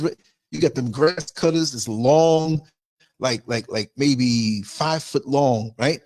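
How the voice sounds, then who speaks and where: A man's voice: mid-range voice, slow pace, darkish tone, soft background music. An older man from the United States, hosting a livestream and telling a story in a blunt, emphatic way. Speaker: podcaster host.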